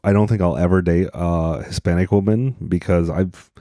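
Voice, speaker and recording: Male podcast host from Utah, low voice, mellow tone, rambling self-deprecating comedy monologue, dry close sound. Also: steady tone, moderate pace, dry recording.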